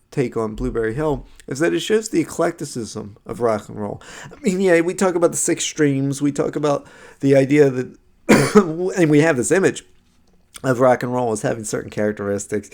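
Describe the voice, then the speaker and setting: A man's voice: mid-range voice, darkish tone. A man giving a recorded slideshow lecture on music history, conversational, with many fillers and restarts and frequent "right?" checks.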